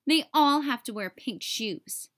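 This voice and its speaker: A woman's voice: high voice, lively intonation, takes it slowly, fairly bright tone, exaggerated voice. A woman voicing a bossy, know-it-all older brother in a storybook read-aloud. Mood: insistent. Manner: smug, insistent.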